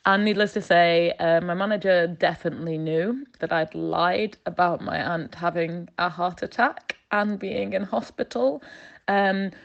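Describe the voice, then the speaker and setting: A woman's voice: on the low side, unhurried, gravelly, highs cut off. A woman with a northern English accent, recording a phone voice note and telling an embarrassing story with laughter and self-mockery. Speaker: listener sending a voice note.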